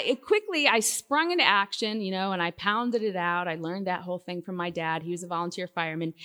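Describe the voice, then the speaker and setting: Lively woman speaker in a reverberant hall. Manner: lively storytelling, swinging from loud emphatic bursts to hushed lows. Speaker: Christian speaker. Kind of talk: sermon talk to a live audience.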